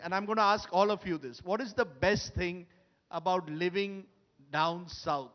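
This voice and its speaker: A man moderating a conference panel, brisk and pressing speakers for quick answers. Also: high voice, dull audio. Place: conference hall stage.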